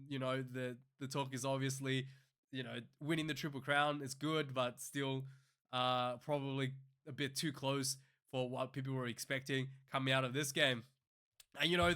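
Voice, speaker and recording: A man with a bright, forward voice pitched a little above the usual talks through the news in a loose, rambling way. His talk is full of fillers and restarts. He often works himself up into an exasperated rant. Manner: rambling, many fillers and restarts, gets heated and ranting. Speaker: rugby news show host. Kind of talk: casual commentary.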